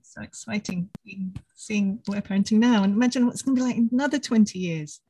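A woman hosting a podcast, reminiscing and offering encouragement in a relaxed conversational way. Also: mid-range voice, quick pace, slightly rough, dry recording, poor audio. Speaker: podcast host. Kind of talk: casual conversational interview.

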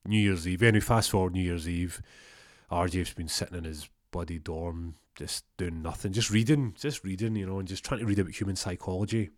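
Rambling low-voiced storyteller. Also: male voice, brisk, a little mellow, dry recording, clean studio sound. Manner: rambling, sweary, stumbling restarts. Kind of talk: comic storytelling.

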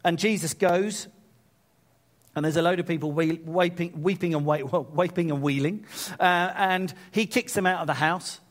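A man preaching a sermon, retelling scripture in a lively paraphrase with casual asides. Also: fairly high pitch, moderate pace. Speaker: pastor.

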